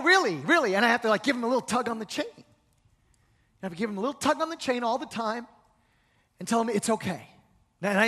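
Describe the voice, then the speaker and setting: High-voiced animated male preacher in a hall. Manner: animated storytelling with big pitch swings, dropping to a soft hush for comforting lines. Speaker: pastor. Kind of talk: sermon. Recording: long reverb of a large hall.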